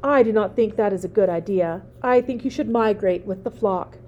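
A woman voicing a gentle female robot mother who speaks in plain, polite, measured sentences in a storybook reading. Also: mid-range voice, lo-fi sound, natural voice. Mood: calm.

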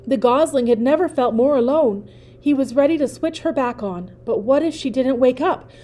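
A woman reading a children's novel aloud, narrating in a gentle, expressive way. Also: sits high, normal speed, soft background music.

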